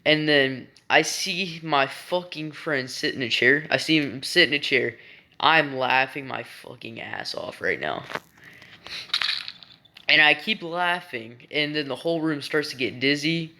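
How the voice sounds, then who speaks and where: A man's voice: on the high side, animated, a little slow, pushed and bright. A young man telling a story in a casual, rambling way, swearing often and stopping to restart his sentences. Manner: rambling, profane, full of fillers and restarts. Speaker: vlogger.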